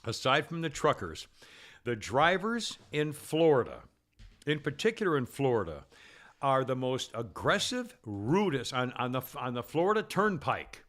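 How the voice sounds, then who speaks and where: A man hosting a podcast, telling a long story in casual chat with many restarts and false starts, getting loud as he gets worked up. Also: mid-range voice, big pitch swings, normal speed. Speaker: podcast host.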